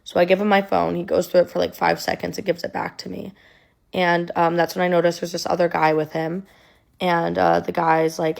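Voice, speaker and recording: Young woman with a gravelly, low voice. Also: level tone, brisk, darkish tone. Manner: conversational with many ums and likes. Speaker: storyteller. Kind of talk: personal storytime.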